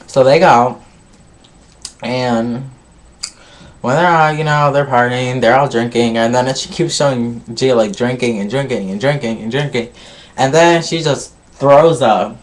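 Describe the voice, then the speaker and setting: A man's voice: medium pitch, measured pace. A man casually recapping a reality show episode, gossipy and full of swearing, skipping ahead with filler. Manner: gossipy, swears a lot, skips ahead with "blah, blah, blah". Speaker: vlogger reviewing a reality show.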